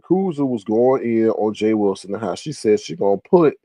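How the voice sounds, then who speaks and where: Chatty, animated man hosting a livestream. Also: lowish voice, normal speed, dry recording. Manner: animated, chatty, reads viewer comments aloud. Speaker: livestream host. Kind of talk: casual live-stream commentary.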